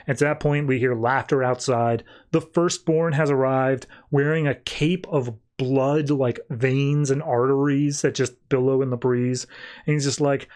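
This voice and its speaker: A man's voice: mid-range voice, steady tone, unhurried, darkish tone. A man hosting a podcast, casually recapping a comic in a chatty, rambling way full of 'like'. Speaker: podcast host.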